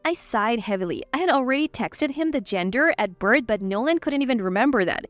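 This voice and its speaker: Lively high-voiced woman narrator. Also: brisk, no room sound, faint music behind. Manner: lively, cold when retorting. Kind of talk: scripted first-person story narration.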